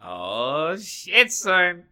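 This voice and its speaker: A man in a casual movie-quote quiz chat, swearing, laughing often and quickly excited. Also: high-pitched. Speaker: quiz player.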